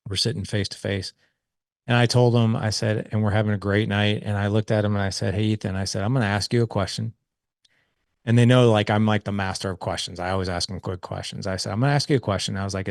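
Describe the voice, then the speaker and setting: A man's voice: lowish voice, fairly even intonation, fast talker, gravelly, no room sound, clean studio sound. A middle-aged man speaking as a podcast guest, telling a story about fatherhood earnestly, often tagging "right?" on to his points. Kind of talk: conversational interview storytelling.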